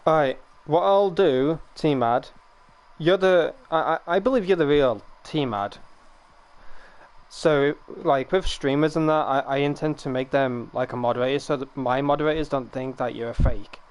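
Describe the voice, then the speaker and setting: A young man streaming a game, chatting casually and laughing often, his voice cracking and rough. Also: on the high side, moderate pace, darkish tone. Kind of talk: casual live-stream chat.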